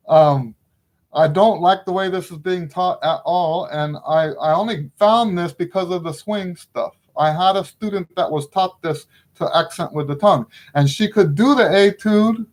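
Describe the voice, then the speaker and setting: A middle-aged male trumpet teacher talks through a casual lesson with a voice pitched a little above most men's. He is frank and opinionated and keeps checking in with "right?" as he explains. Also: unhurried.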